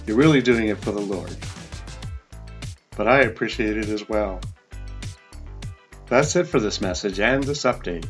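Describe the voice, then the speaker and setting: A man hosting a casual podcast update, reading out a long list of listener towns, each one falling in pitch at the end, and stumbling over the foreign names. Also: a little slow, pauses often, faint music behind. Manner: pitch drops at the end of each place name. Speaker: podcast host.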